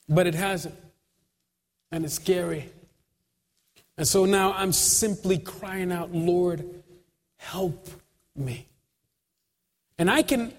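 A man with a very high voice delivers a sermon in slow, drawn-out phrases. He pauses often, checks in with the congregation, and breaks into shouts at the climaxes. His voice rings with the long echo of a large hall. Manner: dramatic pauses, rising to shouts at peaks; conversational asides to the congregation. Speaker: preacher.

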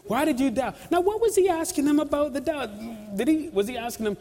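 A man preaching a sermon, speaking in slow, broken phrases with dramatic pauses, swinging between quiet prayer and shouted peaks, with frequent conversational asides to the congregation. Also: extremely high pitch, lively intonation. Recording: long hall reverb.

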